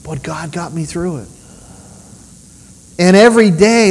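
A man preaching a sermon with personal testimony, telling stories in an animated way and asking rhetorical questions. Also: high voice, a little slow. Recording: long reverb of a large hall.

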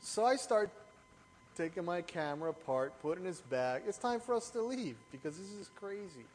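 A middle-aged man preaches to his congregation in a high, light voice. He tells his stories with animation and keeps asking the room rhetorical questions. His words ring out with a long reverb through a church hall. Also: lively intonation, normal speed, slight background noise. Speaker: pastor. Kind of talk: sermon.

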